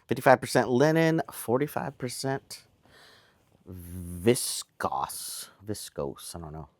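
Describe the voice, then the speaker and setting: A man's voice: mid-range voice, big pitch swings, brisk, a little mellow, dry recording. A man with an American accent talking casually at home as he shows off his yard sale finds, rambling and amused at himself. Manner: chatty, rambling, self-amused. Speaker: reseller showing a haul. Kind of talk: casual vlog talk. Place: home indoors.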